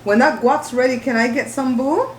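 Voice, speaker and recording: A woman's voice: high-pitched, moderate pace, background noise. A chatty woman hosting a casual mukbang at her home dining table, talking straight to her viewers as she eats. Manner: chatty, talkative, addresses viewers directly. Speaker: mukbang host. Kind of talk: casual chat while eating. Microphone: camera on the table. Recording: roomy room with clattering dishes.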